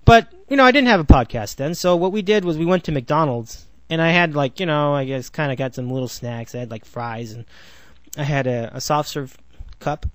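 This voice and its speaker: A man's voice: on the high side, a little fast, no echo. A man in his twenties hosting a solo sports podcast, rambling with sarcastic asides and frequent self-corrections. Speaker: podcast host.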